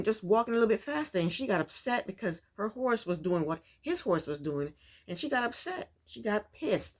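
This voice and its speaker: Woman host, casual recap chatter, blunt and opinionated. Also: lowish voice. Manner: opinionated, chatty, rhetorical asides to the cast.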